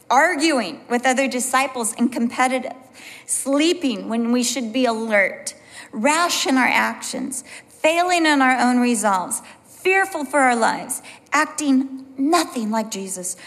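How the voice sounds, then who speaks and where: A woman's voice: sits high, fairly bright tone. A woman teaching a Bible study in an earnest way, building points through emphatic repetition. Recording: long hall reverb.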